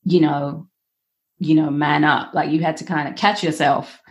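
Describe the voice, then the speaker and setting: Chatty woman interviewer, lower voice. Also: steady tone, normal speed, darkish tone. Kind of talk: casual chat.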